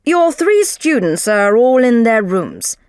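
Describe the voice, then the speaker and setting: A woman voicing a calm, clever male detective in a slow storybook reading, measured and low-keyed. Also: dry recording, studio quality, heavily acted.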